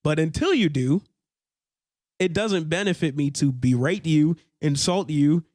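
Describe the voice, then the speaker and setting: A man's voice: on the high side, animated, a little slow, a little mellow, no room sound, clean studio sound. A young man co-hosting a casual faith podcast, earnest and laughing often, sometimes searching for words. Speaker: podcast co-host.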